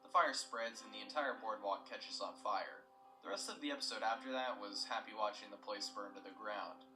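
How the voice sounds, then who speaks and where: A man's voice: fairly low pitch, moderate pace, echoey room, recorded from a distance, over music, low-quality recording. A young man retelling a story in scripted narration, plain and matter-of-fact with asides.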